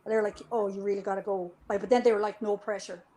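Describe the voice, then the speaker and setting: A woman in a live streamed chat, recounting events in an animated, conversational way. She swears freely and slips into the voices of the people she quotes. Her pitch sits in an ordinary middle range. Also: fast talker, low-quality recording. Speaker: interview guest. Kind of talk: casual storytelling.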